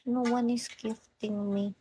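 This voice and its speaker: Young filipino woman on a phone livestream, slightly high voice, slow easy chatter with viewers. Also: flat delivery, warm tone, a little hiss or hum, rough recording. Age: young adult. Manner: chatty, mixing in Tagalog phrases. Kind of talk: casual live-stream chat greeting viewers.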